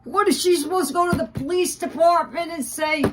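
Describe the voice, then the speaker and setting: A woman's voice: very high voice, fairly quick, slight background noise. A woman ranting on a livestream, profane and indignant, with frequent fillers and restarts.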